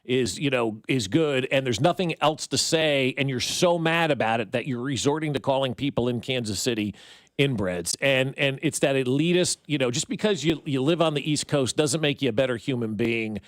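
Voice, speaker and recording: A man's voice: mid-range voice, moderate pace, no room sound. Brief: middle-aged male sports radio host, opinionated and ranting, dry close studio sound. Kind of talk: morning sports talk radio banter.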